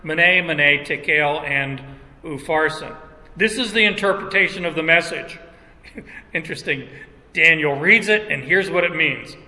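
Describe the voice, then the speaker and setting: A middle-aged man preaching a sermon, talking slowly and haltingly, with restarts and small chuckles. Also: fairly high pitch, sharp tone. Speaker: pastor. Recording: long hall reverb.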